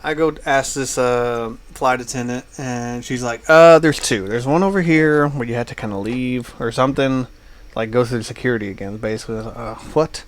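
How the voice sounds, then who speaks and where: Talking fairly quickly at medium pitch, a man co-hosting a podcast recounts a long travel anecdote. The chat is casual and rambling, with plenty of "uh" and "like."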